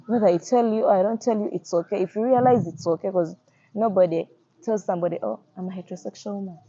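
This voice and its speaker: A woman's voice: mid-range voice, fast, warm tone. A young woman with a Ugandan accent, speaking earnestly in a personal testimony and often repeating her phrases. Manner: earnest, repeats phrases, acts out quoted voices. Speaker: activist. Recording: slightly muffled audio.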